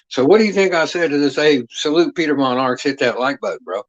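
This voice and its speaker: Talking fast with hardly any pauses, a man with a voice on the high side hosts a livestream, chatting casually with viewers. His storytelling is rambling, streetwise and full of profanity. The audio sounds dull.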